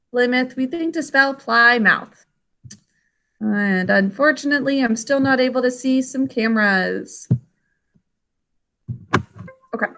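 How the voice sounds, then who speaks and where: A woman's voice: a little high, bright, forceful tone. A woman teacher leading an online phonics lesson over a video call, patiently spelling words out sound by sound. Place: remote class on a video call.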